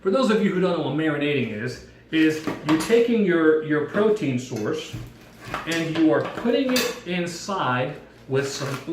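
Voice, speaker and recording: A man giving a playful devotional talk with props, telling a story in a jokey, animated way. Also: a little high, a little fast. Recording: echoey room, mic at a distance.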